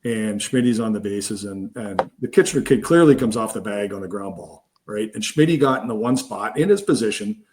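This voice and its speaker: A middle-aged man, co-hosting a casual sports podcast and telling umpiring stories in an animated way, often restarting his sentences. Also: fairly low pitch, moderate pace, few pauses, noisy background. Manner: animated storyteller, many restarts. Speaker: podcast co-host, baseball umpire. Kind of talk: casual storytelling chat.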